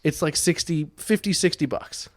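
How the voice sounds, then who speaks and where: A man's voice: on the high side, normal speed. A young man co-hosting a casual podcast, rambling through stories, swearing freely and laughing often. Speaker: podcast co-host. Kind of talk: casual chat.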